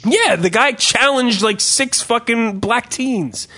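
Bright, high-voiced profane storyteller, male. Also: takes it slowly. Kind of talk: casual chat, storytelling.

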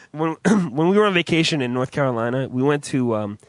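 A man's voice: fairly high pitch, animated, normal speed, no echo, clean studio sound. A young man co-hosting a podcast in loose casual chat, rambling, swearing and laughing often. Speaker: podcast co-host.

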